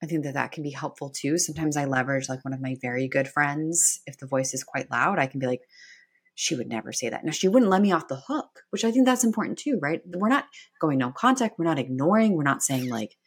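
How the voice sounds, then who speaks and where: Woman with a low, husky voice; thoughtful co-host who qualifies her points as she goes. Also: lively intonation, fast. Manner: thoughtful, hedging, many "right?" tags. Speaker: podcast co-host, career coach. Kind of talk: casual podcast discussion.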